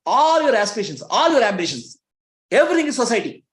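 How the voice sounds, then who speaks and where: A male spiritual teacher talks to his listeners in an echoey room. His pitch rises and falls freely as he asks them rhetorical questions and chuckles between points. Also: very animated, quick pace.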